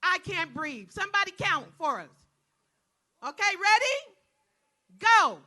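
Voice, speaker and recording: High, bright-voiced woman emceeing a rally. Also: big pitch swings, unhurried. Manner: preacherly, call-and-response, folksy. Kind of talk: addressing a protest crowd. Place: outdoors at a large rally.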